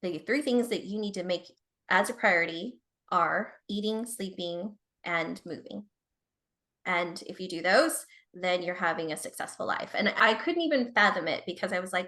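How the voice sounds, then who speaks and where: A woman's voice: on the low side, normal speed, fairly bright tone. Chatty woman consultant telling her story. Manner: chatty, addresses listeners directly, frequent "like". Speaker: productivity consultant guest. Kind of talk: candid personal storytelling.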